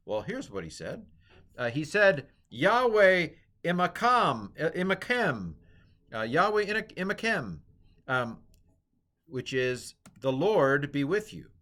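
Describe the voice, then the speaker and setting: This middle-aged man, a teacher, has a mid-range, slightly bright voice. His Hebrew grammar lecture is relaxed and talkative, with plenty of fillers and side remarks.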